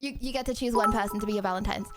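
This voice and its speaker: A woman with a mid-range voice talks very fast, chatting casually and giggling with her live stream audience. She's bubbly and speaks straight to her chat while loud karaoke music plays behind her.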